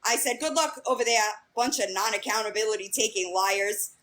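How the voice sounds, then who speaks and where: A woman's voice: mid-range voice, moderate pace, a bit bright. Blunt, cursing woman ranting on a livestream. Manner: blunt, profane and indignant, retelling an argument line by line. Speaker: livestream host. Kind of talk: casual livestream rant.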